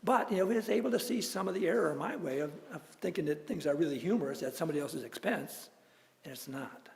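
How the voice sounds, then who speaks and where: A man's voice: a little high, quick pace, vocal fry. A male minister, likely older, telling personal stories in a sermon, chuckling often as he goes. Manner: storytelling, chuckles often, animated. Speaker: guest minister. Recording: church hall with long reverb.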